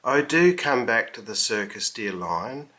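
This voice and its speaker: A man voicing a meek, kind little boy from a circus in a storybook reading, speaking gently and politely. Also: medium pitch, animated, measured pace, rough recording. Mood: pleading.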